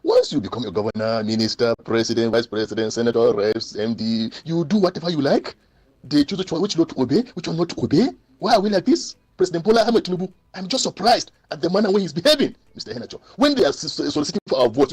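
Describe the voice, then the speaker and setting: Fast, high, indignant Nigerian man. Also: lively intonation, darkish tone, slightly rough, no room sound. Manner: indignant, rhetorical questions. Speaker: radio caller. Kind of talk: impassioned call-in rant.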